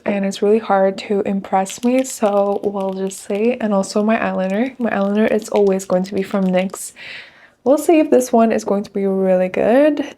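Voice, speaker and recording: A woman's voice: mid-range voice, warm tone. A young woman chatting casually to viewers while reviewing makeup, enthusiastic and direct. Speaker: beauty vlogger.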